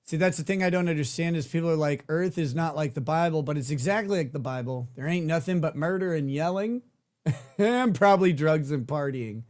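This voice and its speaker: Guy on a livestream riffing, swearing, joking around, voice a bit high. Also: expressive, fairly quick. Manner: joking, irreverent, profane. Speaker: host. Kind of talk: casual livestream chat.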